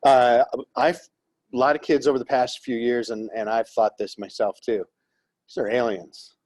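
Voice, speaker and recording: A man's voice: mid-range voice, steady tone, normal speed, darkish tone. Rambling male art teacher lecturing. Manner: rambling, conversational, jokey. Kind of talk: classroom art history lecture. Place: classroom.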